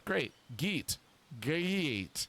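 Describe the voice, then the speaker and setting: A man's voice: fairly high pitch, big pitch swings, extremely slow, a bit bright, slight background noise, pitched above the performer's own voice, heavily acted. A young woman who has just inherited a vineyard answers politely with a dry edge, as a man reads her lines. The reading is plain and conversational. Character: newly arrived young woman running a vineyard. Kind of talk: reading game dialogue aloud.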